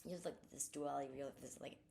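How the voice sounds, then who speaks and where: A woman's voice: very deep voice, steady tone, fast, gravelly, warm tone. A woman co-hosting a podcast in casual chat, blunt and profane, with fired-up talk. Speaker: podcast co-host.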